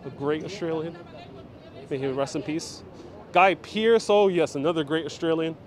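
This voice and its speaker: A man's voice: a little high, normal speed. A man hosting a live walking tour, joking as he reads out viewer comments while he walks through a city station. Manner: jokey, chatty, reacting to viewer comments. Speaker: host. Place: outdoors and in a busy city station. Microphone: handheld phone on gimbal.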